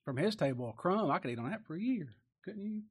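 A man's voice: sits high, very animated, fast talker, slightly rough. A man preaching a folksy sermon, often asking rhetorical tag questions and chuckling.

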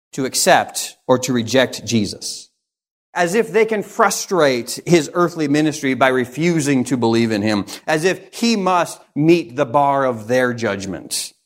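A man preaching an expository sermon, with emphatic, rhythmic repetition. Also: on the high side.

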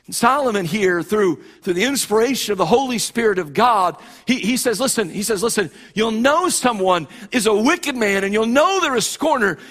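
A man's voice: high-pitched, animated, normal speed, hardly any pauses, a bit bright. A male pastor preaching a sermon with emphatic delivery, often repeating and restarting phrases.

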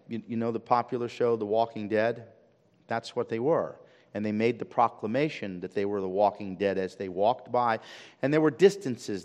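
A male pastor preaching a sermon, emphatic, with frequent repeated words and stretches that drop to a soft, intimate tone. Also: medium pitch. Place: church sanctuary. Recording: long hall reverb.

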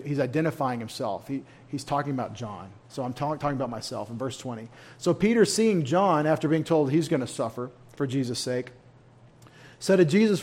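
Casual bible study guy, fairly high voice, talks loose and conversational, cracks little jokes. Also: fairly quick, a little mellow. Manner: folksy, conversational, with humorous asides.

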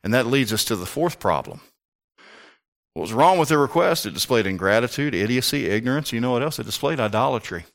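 A man preaching a sermon with passion, rising to near-shouts and firing rhetorical questions at the congregation. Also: medium pitch, expressive, brisk, creaky. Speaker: pastor.

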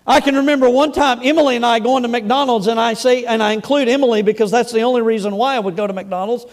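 A middle-aged male pastor with a very high voice and fairly even intonation talks fast during a sermon in a church sanctuary. His style is conversational storytelling: scripture read aloud, then humorous asides and anecdotes, with some restarts along the way.

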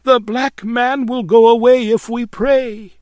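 A man's voice: very high voice, steady tone, slow pace, a little mellow, no room sound, studio quality, voice pushed up. A man voicing a frantic, terrified drunken woman. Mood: pleading. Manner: frantic, pleading cries. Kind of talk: dramatic reading of an old tract.

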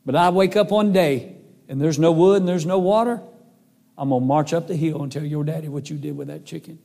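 A man's voice: on the high side, steady tone, brisk, creaky, dark tone. A man voicing a mean, bullying old man who taunts and threatens. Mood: taunting. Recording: long hall reverb.

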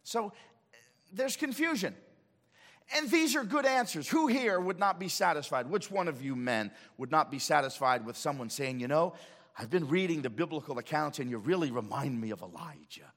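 A man preaching a sermon in a church, swinging from loud declarations to hushed asides. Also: a little high, animated, normal speed, in a large hall. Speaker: pastor. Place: church sanctuary.

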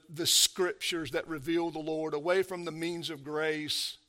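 A man preaching a sermon, emphatic, swinging from hushed to loud and urgent, calling his listeners beloved. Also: on the high side.

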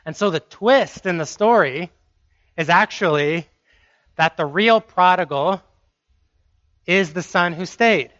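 Bright-voiced high male preacher, dry lo-fi. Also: slow, pauses often, no echo. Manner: emphatic, repeating phrases for stress. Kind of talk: sermon.

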